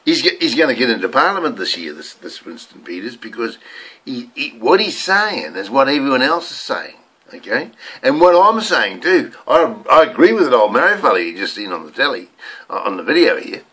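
A man's voice: mid-range voice, big pitch swings, a little fast, pushed and bright, husky. An older man from New Zealand with a New Zealand accent, ranting in a rambling vlog monologue to camera and often repeating words. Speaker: vlogger.

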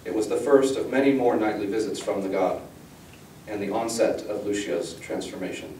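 A man's voice: on the low side, fairly even intonation, normal speed, mellow, far from the mic, a little hiss or hum. Man reading fantasy fiction aloud. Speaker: author reading his novel. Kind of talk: dramatic fantasy book reading. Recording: echoey room, voice from the mic.

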